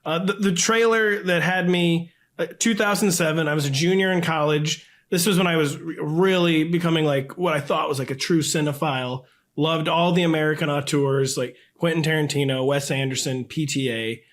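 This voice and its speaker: A man's voice: on the high side, steady tone, moderate pace, few pauses. A man in his thirties talking as a podcast guest, rambling with lots of fillers and frequent laughter. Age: 30s. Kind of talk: casual chat.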